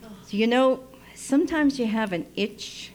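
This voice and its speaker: A woman who works as a midwife, telling a personal story live in an unhurried, intimate way and dropping to a soft hush when she quotes herself. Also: on the high side. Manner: unhurried, intimate, drops to soft near-whispers when quoting. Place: radio station studio. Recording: live radio broadcast, faint noise.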